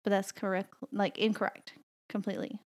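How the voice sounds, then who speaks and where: A woman's voice: medium pitch, level tone, fairly quick, darkish tone. A woman from the American South co-hosting a podcast in a rambling, chatty way, laughing often. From Southern United States. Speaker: podcast co-host. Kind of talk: casual podcast chat.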